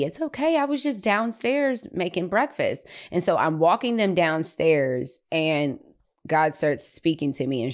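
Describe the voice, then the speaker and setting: A woman, telling a personal faith story on a podcast in a lively, conversational way. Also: sits low. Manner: animated, acts out children's voices, laughs often. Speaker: podcast host.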